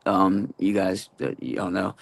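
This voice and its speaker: A man's voice: sits low, monotone, slow pace, vocal fry. A man, a guest actor and musician, telling a casual story in a profane, rambling way and laughing often.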